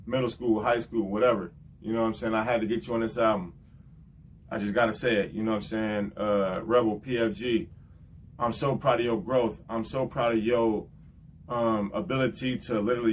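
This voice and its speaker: Emotional rapper giving rambling shout-outs. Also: male voice, fairly low pitch, fairly even intonation, normal speed, distant mic, slight background noise. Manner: rambling, emotional, repeats "you know what I'm saying". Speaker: rapper hosting his channel's show. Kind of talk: heartfelt casual shout-outs to camera.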